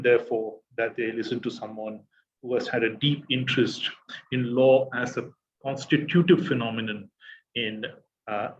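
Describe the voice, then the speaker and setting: A man's voice: medium pitch, highs cut off, a little hiss or hum. Man hesitantly introducing a guest speaker. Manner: hesitant, many filler sounds. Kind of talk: formal introduction.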